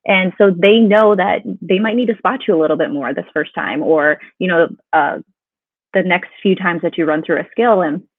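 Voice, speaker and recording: A woman's voice: on the low side, moderate pace, no echo. Woman guest on a tinny phone line. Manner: conversational, many fillers like "you know". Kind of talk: casual interview.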